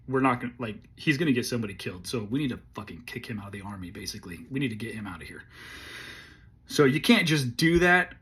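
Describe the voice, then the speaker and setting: An army veteran in his forties tells a story in a relaxed, laid-back manner, swearing freely and frequently clearing his throat. His voice is medium in pitch with a fairly bright tone.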